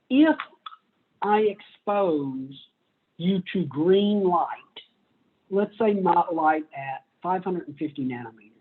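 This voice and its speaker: A man's voice: high-pitched, husky, phone-quality sound. A man giving a casual, conversational college lecture. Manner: conversational, plays out little voices. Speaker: university lecturer.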